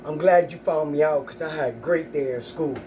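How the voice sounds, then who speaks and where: A woman's voice: sits low, fairly quick, dark tone, distant mic, a little hiss or hum, pitched below the performer's own voice, natural voice. A woman voicing her young son as a whiny boy pleading to stay home sick.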